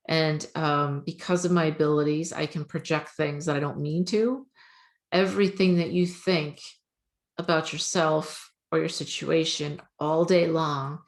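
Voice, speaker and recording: A woman hosting a spiritual podcast, talking casually and encouragingly about oracle cards, with lots of fillers. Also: deep voice. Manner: chatty, encouraging, many fillers.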